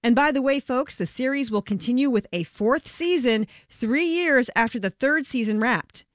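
A woman radio host with a lively, swooping voice introduces a segment and questions her guest. Her sound is dry and close, with no room around it. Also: high-pitched, moderate pace, no echo. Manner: lively, conversational. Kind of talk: radio show hosting.

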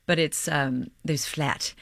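A woman from Oklahoma, a stage actor, talks with chatty animation in an interview. Her voice is on the low side. The recording is close and dry. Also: steady tone, slow, vocal fry, fairly bright tone, no echo. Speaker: guest actor. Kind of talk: casual interview talk.

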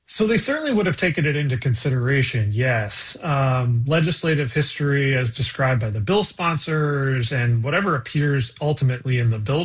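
A man's voice: medium pitch, fairly bright tone, husky. A man joining a radio interview remotely as a legal expert, explaining a ruling precisely with occasional fillers. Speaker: lawyer guest. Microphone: remote connection.

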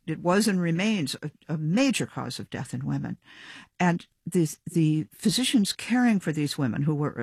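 Woman guest on a radio show, husky, dry studio sound, lots of ums and restarts. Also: sits low, darkish tone, no room sound. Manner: thoughtful, with many fillers and restarts. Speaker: guest geneticist. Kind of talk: radio interview answer.

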